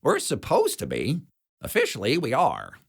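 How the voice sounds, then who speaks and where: A man's voice: mid-range voice, wildly swooping pitch, moderate pace, creaky, husky, pitched above the performer's own voice, heavily acted. A man voicing a blunt, jaded female security chief who smokes and talks in a dry, sardonic way.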